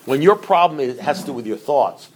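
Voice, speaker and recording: A man's voice: medium pitch, lively intonation, fairly quick, breathy edge. A middle-aged man giving a rambling, conversational recovery talk to a group and asking his listeners questions. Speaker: speaker at a recovery meeting.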